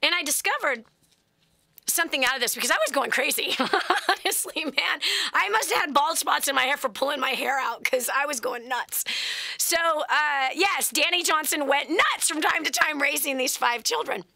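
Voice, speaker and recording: Bright, high-voiced woman hosting a call-in talk show. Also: normal speed, creaky, no room sound, studio quality. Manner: animated storytelling, laughs often, acts out voices. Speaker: host. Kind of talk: radio call-in advice talk.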